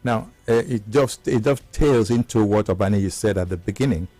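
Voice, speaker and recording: A man's voice: lowish voice, dark tone, dry recording, faint music behind. A man hosting a live-stream interview, asking long questions full of restarts and asides. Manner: rambling, halting questions with many restarts. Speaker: host.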